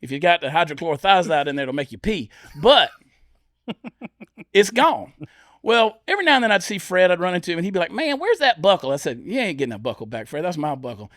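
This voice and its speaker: Animated high-voiced storyteller man. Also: brisk, no room sound, studio quality. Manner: animated storyteller, lively acted-out quotes. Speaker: comedian guest. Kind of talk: storytelling on a podcast.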